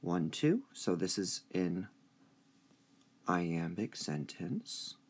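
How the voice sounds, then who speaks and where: A man teaching a high school English review lesson, speaking slowly and deliberately and drawing out stressed syllables. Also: very animated, slightly rough.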